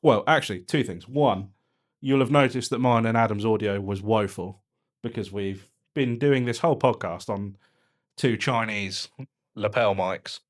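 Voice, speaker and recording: A man's voice: fairly low pitch, normal speed. A man co-hosting a casual podcast, joking and rambling with mild swearing, on a studio microphone. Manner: jokey, sweary, rambling banter. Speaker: podcast co-host. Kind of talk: casual chat. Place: home podcast setup, indoors. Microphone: studio microphone on a stand.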